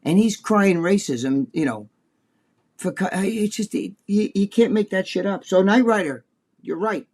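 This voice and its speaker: High-voiced blunt crude male podcaster. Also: lively intonation, a little slow, darkish tone. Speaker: podcast co-host. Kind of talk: casual profane chat.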